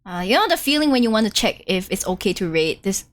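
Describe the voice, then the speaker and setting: A woman's voice: mid-range voice, very animated, fast talker. A woman game streamer chatting casually during a live playthrough, giggly and full of fillers. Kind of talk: casual live-stream chat over gameplay.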